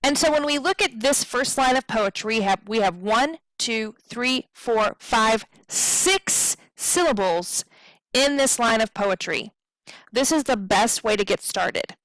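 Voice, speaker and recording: A woman's voice: a little high, unhurried, fairly bright tone, no echo, poor audio. A woman teaching poetry meter in a recorded tutorial, explaining patiently, checking in with "okay?" and drawing out words to show stress. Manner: draws out words to demonstrate stress.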